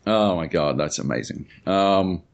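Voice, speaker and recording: A man's voice: deep voice, a little slow. A young man chats casually on a podcast. He rambles through anecdotes, swears freely and breaks into laughter often. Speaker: podcast co-host. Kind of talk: casual chat.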